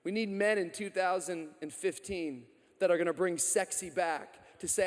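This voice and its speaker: Brief: energetic male pastor, high voice, joking sermon, long hall reverb. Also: brisk, hardly any pauses. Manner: energetic, joking, loud calls to the crowd.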